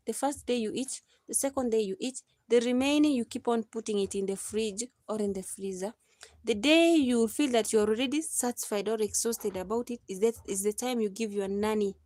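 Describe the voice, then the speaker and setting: A woman's voice: on the high side, darkish tone, dry recording, clean studio sound. A Kenyan woman in her thirties chatting casually on her live stream, laughing often and slipping into preachy advice.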